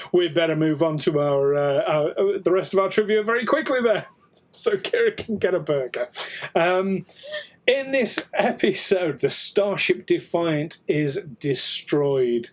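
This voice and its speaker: A man's voice: high voice, lively intonation, slow. A British man co-hosting a casual podcast chat, jokey and laughing often. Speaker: co-host.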